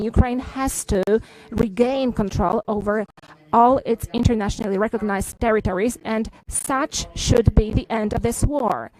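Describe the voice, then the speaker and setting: Halting woman interpreting a press statement. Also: on the high side, a little mellow, poor audio. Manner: halting, frequent "uh" fillers and restarts. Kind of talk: live interpretation of a press briefing.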